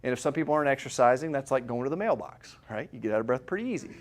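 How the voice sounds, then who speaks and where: A man's voice: mid-range voice, lively intonation, rapid-fire. Chatty middle-aged man giving a seminar. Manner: conversational, peppered with rhetorical questions and "right?". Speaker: chiropractor giving a health seminar. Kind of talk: live seminar talk to an audience. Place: room with a live audience.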